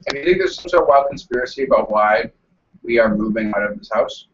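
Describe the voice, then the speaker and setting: A man's voice: medium pitch, expressive, fast talker, distant mic, dull audio, a little hiss or hum. A man co-hosting a casual live-stream chat at home, joking and laughing often. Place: home room with a fan running.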